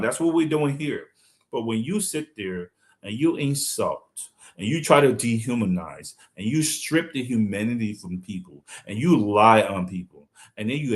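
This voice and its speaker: A man from Liberia giving fiery, combative political commentary on a live stream, speaking emphatically. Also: medium pitch.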